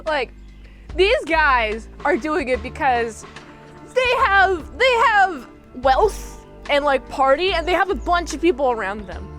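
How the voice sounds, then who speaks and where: A woman's voice: high voice, sing-song, slow, fairly bright tone. A woman casually recapping a movie, rambling and joking, with slang and many asides. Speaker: movie reviewer. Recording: music playing underneath.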